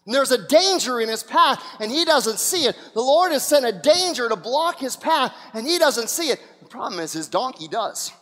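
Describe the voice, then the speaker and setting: Impassioned high-voiced male preacher. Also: very animated, moderate pace, hardly any pauses, fairly bright tone, big-room sound. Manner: impassioned, acts out scenes. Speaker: pastor. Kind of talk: sermon.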